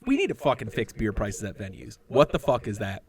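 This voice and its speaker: Casual male podcast co-host, profane, animated storyteller. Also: fairly low pitch, fairly quick.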